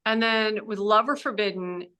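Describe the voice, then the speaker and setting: An older woman with a bright, forceful voice, guesting on a podcast. She talks in an animated, profane way and acts out her own inner voice with big reactions. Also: mid-range voice, moderate pace, smooth. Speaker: guest author. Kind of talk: casual podcast interview.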